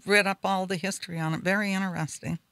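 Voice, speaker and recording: A woman's voice: medium pitch, steady tone, quick pace, a bit bright, dry recording. A woman co-hosting a casual radio talk show, telling stories at length in an earnest, chatty way. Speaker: radio co-host. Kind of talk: casual chat.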